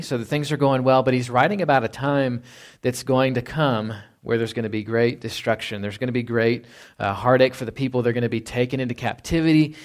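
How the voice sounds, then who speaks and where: A man, a pastor, preaching a conversational sermon, reading scripture aloud and asking rhetorical questions. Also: mid-range voice.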